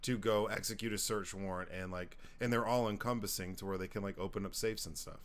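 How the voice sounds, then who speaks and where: A man's voice: on the low side, fairly even intonation, a little fast. A young man co-hosting a casual podcast, rambling and swearing, pressing to finish his point. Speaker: podcast co-host.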